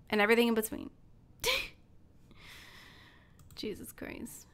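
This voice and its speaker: A woman's voice: on the high side, steady tone, a little slow, pauses often. A woman hosting a casual podcast, laid-back and chiming in with reactions. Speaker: podcast host.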